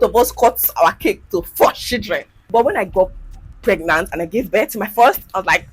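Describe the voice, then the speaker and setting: Animated woman telling a personal story. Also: moderate pace, slightly rough. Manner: animated, acts out quoted voices with big pitch jumps; emotional, candid, with sighs and laughs. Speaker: content creator.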